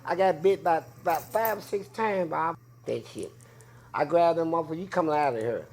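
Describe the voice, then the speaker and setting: A man in an interview telling prison stories in a loud, profane way, acting out voices. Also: brisk, a little hiss or hum. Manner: profane, acts out voices with big pitch jumps. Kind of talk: animated storytelling.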